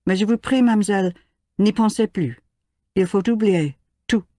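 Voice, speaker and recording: A woman voicing an uneasy young Russian officer who speaks French earnestly and forcefully in an audiobook. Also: mid-range voice, a little fast, no room sound, clean studio sound, pitched above the performer's own voice, natural voice.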